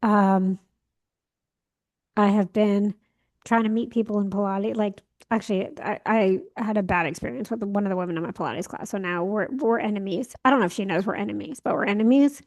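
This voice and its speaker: A woman's voice: mid-range voice, a little fast, a little mellow. A young woman co-hosting a podcast, telling a story in casual chat and acting out the lines she quotes. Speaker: podcast co-host.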